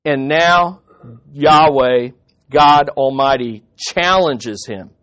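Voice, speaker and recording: A man's voice: medium pitch, takes it slowly, a bit bright. A man preaching a sermon as a pastor, emphatic and throwing rhetorical questions at his listeners.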